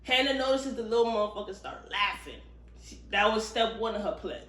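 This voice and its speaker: A woman recapping a thriller novel in a casual, animated book review, cursing freely and talking straight to viewers. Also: mid-range voice, brisk. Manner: animated, profane, chatty storytelling. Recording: roomy echo.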